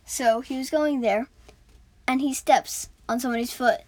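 A woman's voice: sits high, moderate pace, darkish tone. A woman improvising a story as a storyteller, rambling with many fillers and restarts.

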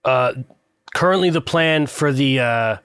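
A player in a tabletop game over a voice call, joking and halting, stumbling over repeated words. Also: medium pitch, a bit bright, clean tone, no echo, studio quality. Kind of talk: casual role-play chat.

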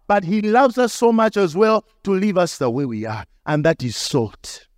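Lively high-voiced pastor. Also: male voice, normal speed, hardly any pauses, no room sound, clean studio sound. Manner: animated, acts out dialogue with shifting pitch. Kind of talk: storytelling sermon.

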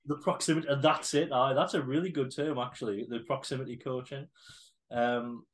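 A man co-hosting a podcast, talking in a relaxed way with fillers and some swearing. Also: mid-range voice, fairly quick, rough recording. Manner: laid-back, swearing, hesitant fillers. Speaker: podcast co-host. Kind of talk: casual podcast chat.

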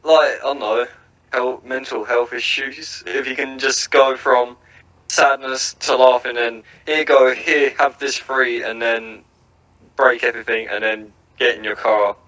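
Bright-voiced skeptical man. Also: medium pitch, level tone. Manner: skeptical, halting reactions. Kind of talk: casual chat. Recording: distant mic.

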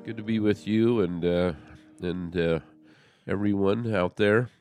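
A man's voice: deep voice, fairly even intonation, darkish tone, faint music behind. A man co-hosting a religious podcast, talking earnestly in a casual discussion and often restarting his sentences. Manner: earnest, halting with many restarts. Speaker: podcast co-host.

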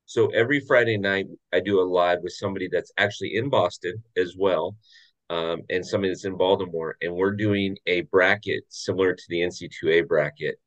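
A man hosting a relaxed podcast, his voice sitting on the low side. He jokes and laughs readily, keeping the tone friendly and loose. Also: a little fast, lo-fi sound. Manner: friendly, jokey, laughs often. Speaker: podcast host. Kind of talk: casual podcast chat.

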